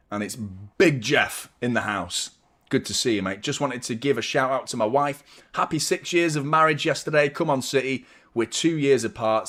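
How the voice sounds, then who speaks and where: Young guy, casual watchalong host, rambling and jokey, mid-range voice. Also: medium pitch. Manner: rambling, jokey, reads out viewer shout-outs. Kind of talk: casual live-stream chat.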